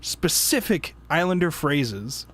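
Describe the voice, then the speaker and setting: Rambling man with a slightly high voice. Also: sing-song, slow, fairly bright tone. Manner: rambling, laughing, frequent fillers and self-interruptions. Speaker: podcast host. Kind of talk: casual book club chat.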